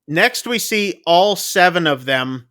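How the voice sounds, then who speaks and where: A man casually retelling a film's plot on a podcast, chatty and loose, with quick asides. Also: sits high, expressive, bright, forceful tone, dry recording, studio quality. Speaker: podcast co-host. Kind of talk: casual movie recap chat.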